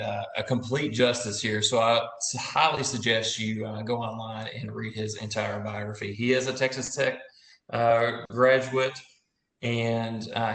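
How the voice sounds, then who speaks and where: A man hosting the event, who introduces the featured speaker in a halting way with many fillers. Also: medium pitch, a bit bright, echoey room. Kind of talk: hesitant introduction.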